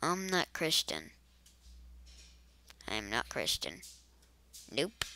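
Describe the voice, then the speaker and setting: A chatty woman rambles through a let's-play, tossing out silly asides between moves. Her voice is bright and smooth. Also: sits low, sing-song, drawn-out words. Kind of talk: casual gameplay commentary.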